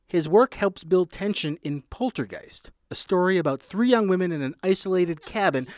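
A man reporting a news feature, reading a script in a clear, measured way. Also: high voice, animated, no room sound, clean studio sound.

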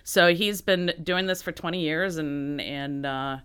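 A woman artist answering interview questions, halting with many restarts and often laughing. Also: low-pitched, a bit bright, clear, resonant tone. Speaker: artist, guest. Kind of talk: interview conversation.

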